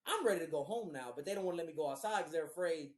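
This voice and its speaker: A man's voice: fairly high pitch, expressive, rapid-fire. A man hosting a podcast, telling a long story in a casual, rambling and profane way. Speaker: podcast host. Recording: roomy echo.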